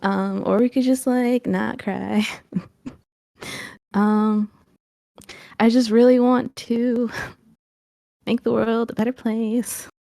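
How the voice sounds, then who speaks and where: A woman's voice: fairly high pitch, fairly even intonation, slow pace, gravelly, long pauses, warm tone, no room sound, studio quality. A young woman streamer, a guest on a podcast, talking casually and emotionally while tearing up. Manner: emotional, laughs through tears. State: crying. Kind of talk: casual interview chat.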